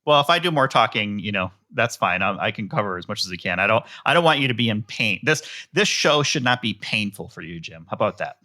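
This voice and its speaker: A man co-hosting a podcast, chatting casually and laughing easily with his co-host and guest. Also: lowish voice. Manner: chatty, relaxed, quick to laugh.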